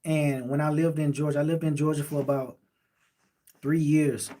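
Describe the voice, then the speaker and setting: A man from Miami, Florida, with a Miami accent, hosts a late-night livestream and reads chat, answering viewer comments in a relaxed, rambling way. His voice sits a little high with little pitch movement, a warm tone, and normal speed.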